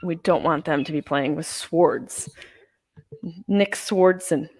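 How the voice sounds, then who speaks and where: A woman's voice: low voice, takes it slowly, darkish tone, no echo. Rambling, profane woman streaming from home. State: stoned. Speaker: live-stream movie watch-along host. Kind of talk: casual live-stream chat. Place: house, at home.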